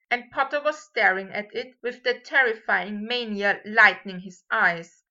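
Woman narrator, audiobook reading, slow unhurried pace, bright tone, muffled lo-fi sound. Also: a little high. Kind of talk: fan fiction audiobook reading.

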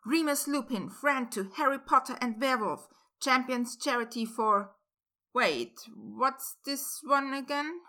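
Headline-spouting male reporter, read by a woman, high and bright. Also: full character voice. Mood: eager. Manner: brisk, headline-style announcing. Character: eager pushy male newspaper reporter.

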